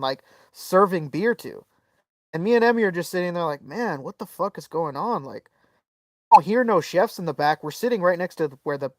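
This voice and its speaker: Swearing freely and playing out other people's quotes, an animated male podcast co-host shares a story in relaxed conversation. His voice leans high, and he sounds far from the mic but without echo.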